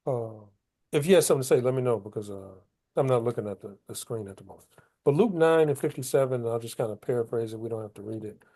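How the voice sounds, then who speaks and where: A man with a mid-range, warm voice leads a Bible study at a quick pace. He explains scripture in loose, everyday talk, paraphrasing it in casual street language, the way you'd teach in a conversational study group.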